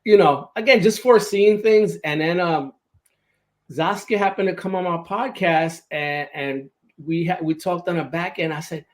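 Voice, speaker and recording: Man, podcast host, casual interview chat, enthusiastic, keeps asking "right?", slightly high voice. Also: normal speed.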